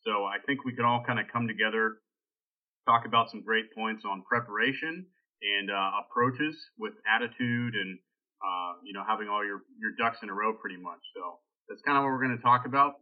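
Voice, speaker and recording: A man's voice: lowish voice, moderate pace. Man chatting over a tinny line. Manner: rambling, jokey, loose. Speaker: podcast host. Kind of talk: casual chat.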